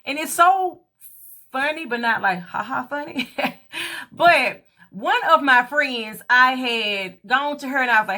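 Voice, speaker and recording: A woman's voice: high voice, lively intonation, slow, sharp tone. A young adult woman vlogging a candid, emphatic motivational talk about confidence, acting out what others said to her. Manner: candid, emphatic, acts out quoted voices.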